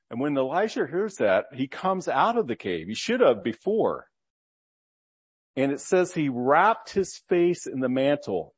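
A man's voice: medium pitch, breathy edge, no room sound. A man preaching a sermon, reading scripture aloud and explaining it with earnest rhetorical questions.

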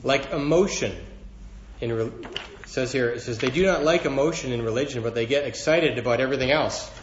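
A man's voice: medium pitch, brisk, reverberant, highs cut off, slight background noise. A man preaching a sermon to a congregation, earnest and building emphasis as he quotes scripture. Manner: earnest, rising in emphasis when quoting scripture.

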